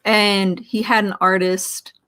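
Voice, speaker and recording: A woman's voice: medium pitch, slow pace, clear, resonant tone. Chatty woman guest telling stories. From Philadelphia. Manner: chatty, animated anecdotes with quoted dialogue. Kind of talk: casual storytelling chat.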